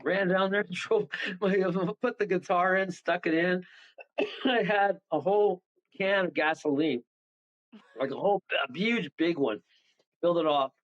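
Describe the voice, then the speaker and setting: A man telling a story as a guest medium on a radio talk show, animated and rambling, acting out the voices of the people in it. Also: high voice, measured pace, highs cut off. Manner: animated, rambling, acts out voices, chuckles often.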